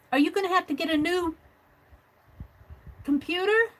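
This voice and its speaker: With an extremely high voice, a moderate pace, and long pauses, a woman crafts on a livestream while chatting casually. She talks to herself, reads comments out loud, restarts frequently, uses fillers, and laughs easily.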